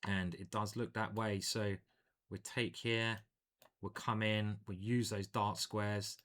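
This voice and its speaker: A man with a lowish voice talks through his chess moves as he plays them. He thinks aloud in a lively, joking manner and keeps up a steady, cheeky patter. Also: slow. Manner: animated, playful, thinking aloud. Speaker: chess grandmaster commentating his own games. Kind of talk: live chess commentary while playing.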